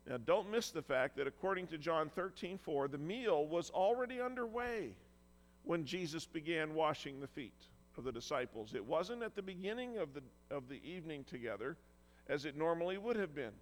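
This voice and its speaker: A man's voice: fairly high pitch, animated, normal speed. Emphatic male pastor in a reverberant church. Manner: earnest, emphatic preaching with dramatic quoted voices. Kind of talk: sermon.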